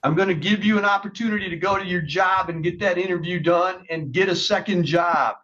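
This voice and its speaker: A man's voice: sits high, a little fast, fairly bright tone, dull audio. A man presiding as a judge at a court hearing, stern and lecturing.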